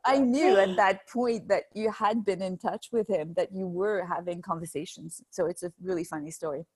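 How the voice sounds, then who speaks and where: A middle-aged woman from France, casually telling a family story to her grown child, lively and expressive. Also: fairly low pitch, normal speed, slightly rough. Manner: animated storyteller, laughs and acts out voices. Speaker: mother of the co-host.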